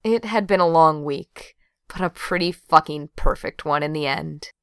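Woman narrating an audiobook, smooth and low. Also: moderate pace, no room sound.

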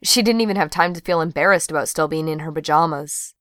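A woman narrating an audiobook in an even storytelling read. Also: low-pitched, fairly quick, hardly any pauses, no echo, studio quality. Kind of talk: scripted narration.

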